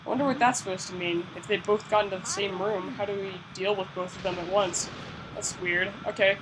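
A woman's voice: mid-range voice, fairly even intonation, fairly quick, background noise. A woman giving casual, chatty gameplay commentary, often self-mocking and urging herself on. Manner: chatty, self-mocking, repeats "come on" under pressure. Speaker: video game let's-player.

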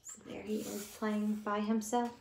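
A woman teacher reading a picture book aloud in a gentle, expressive way, talking to her listeners as she goes. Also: medium pitch, moderate pace, creaky. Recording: echoey room with faint noise.

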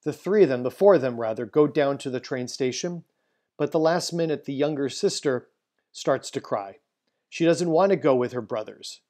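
A man, a rabbi, giving a solemn Holocaust history presentation, telling a family story and slowing down for emphasis. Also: medium pitch, darkish tone.

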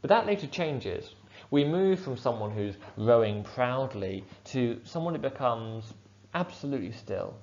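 A male teacher giving a measured, clear explanation of a poem, with the odd filler. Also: medium pitch, lively intonation, darkish tone. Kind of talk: poetry analysis lesson. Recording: dull lo-fi sound.

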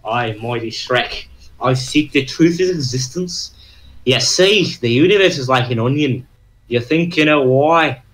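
A man voicing a gruff, pompous male ogre sage in a game, speaking in grand solemn pronouncements. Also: medium pitch, unhurried, a bit bright, natural voice, low-quality recording.

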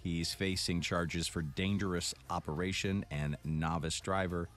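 A man's voice: low voice, steady tone, measured pace, fairly bright tone, soft background music. A man co-hosting a radio show, reading out a news story in a plain way between jokes. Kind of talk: casual radio banter.

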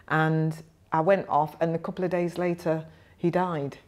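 Low-voiced woman in her fifties. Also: moderate pace. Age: 50s. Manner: animated, acts out quoted voices. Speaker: guest, nursing professor. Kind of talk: reflective storytelling.

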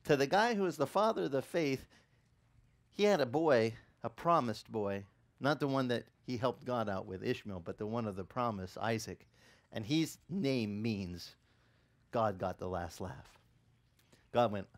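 A middle-aged man preaching a sermon as pastor, telling the story with animated acted-out quotes and laughter. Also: mid-range voice, measured pace.

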